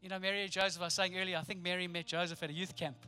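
A man preaching a sermon, animated and playful, acting out the people in his story. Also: high-pitched, rapid-fire, clear, resonant tone, soft background music. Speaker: pastor.

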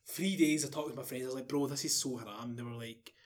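A man's voice: medium pitch, fast. A young man with a Glasgow Scottish accent telling a long story in casual chat, laughing and acting out what people said. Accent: Glaswegian Scottish. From Scotland. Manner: animated, laughing, swearing, acts out quotes. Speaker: podcast guest.

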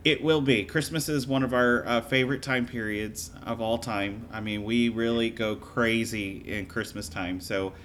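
A man from Louisiana talks in a chatty, animated way and tells his stories with lively ups and downs. He has a mid-range voice, with a faint hum of noise behind him. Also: mid-range voice, normal speed, few pauses. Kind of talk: casual interview chat.

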